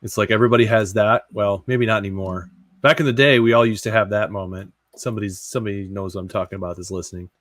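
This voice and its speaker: A man chatting on a tech podcast, joking and thinking out loud. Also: on the low side, fairly even intonation, fast talker. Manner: joking, rambling, thinks aloud. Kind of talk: casual tech podcast chat.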